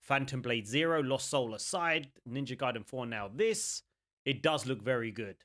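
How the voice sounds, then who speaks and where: A young man hosting a gaming channel, chatting casually and excitedly as he reacts to game trailers in a rambling, jokey way. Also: medium pitch, normal speed.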